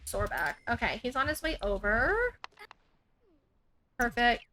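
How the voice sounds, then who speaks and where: A woman chats through her game in bright, high, casual commentary. She fills it with "like" and "um". Faint music plays behind her. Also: big pitch swings, a little slow, long pauses. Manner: chatty, peppered with "like" and "um". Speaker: gaming YouTuber. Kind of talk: let's-play commentary.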